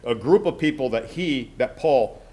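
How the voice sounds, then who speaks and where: A man's voice: mid-range voice, animated, moderate pace, warm tone. A man giving a conversational Bible lesson. He reads scripture aloud with frequent asides, explains step by step and keeps checking in with his listeners. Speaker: Bible teacher.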